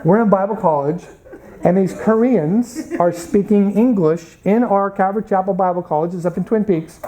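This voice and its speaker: Mellow-voiced American man teaching a class. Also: sits high, moderate pace, poor audio. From United States. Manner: storytelling, acts out quoted people. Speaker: Bible college instructor. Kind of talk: classroom lecture with anecdotes.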